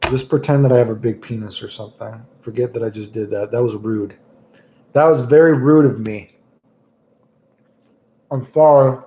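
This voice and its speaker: A male streamer chatting casually with his audience in a rambling, crude, joking way. His voice sits at an average pitch for a man. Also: normal speed, long pauses, dark tone. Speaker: livestreamer.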